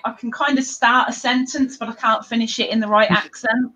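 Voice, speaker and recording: A woman hosting a casual livestream, chatting and teasing her viewers in an animated way. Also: on the high side, fairly quick, low-quality recording. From England. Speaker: livestream host.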